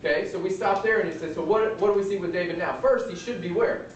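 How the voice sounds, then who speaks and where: A pastor gives a sermon in a relaxed, storytelling way, moving from a comedy film to scripture. His voice sits a little high for a man. He is recorded from a distance in a very reverberant room, with a faint hiss of noise behind him. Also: quick pace. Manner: conversational, retells a film scene. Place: lecture room. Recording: echoey hall, distant mic, faint noise.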